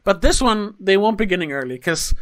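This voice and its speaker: A man co-hosts a film podcast in loose conversation. He talks with animated energy and drops the odd curse. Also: high voice, brisk. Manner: animated, swearing, acts out quotes. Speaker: podcast co-host. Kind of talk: casual film review chat.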